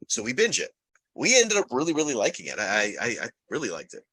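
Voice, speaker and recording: Bright-voiced man telling a rambling story. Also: medium pitch, huge pitch swings, fast, husky, no echo, low-quality recording. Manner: rambling storyteller, swears casually, laughs often. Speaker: podcast co-host. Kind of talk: casual chat.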